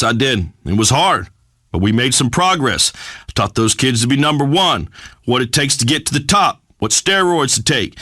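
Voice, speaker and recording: A blustering redneck radio host. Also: male voice, medium pitch, sharp tone, no echo. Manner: blustering, pompous pronouncements. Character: brash macho redneck male radio host, middle-aged. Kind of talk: scripted radio comedy acting.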